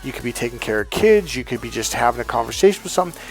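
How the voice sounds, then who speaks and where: A man telling a personal story as a motivational coach, animated and swearing freely, acting out quoted dialogue loudly. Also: medium pitch, rapid-fire. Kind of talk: casual storytelling monologue.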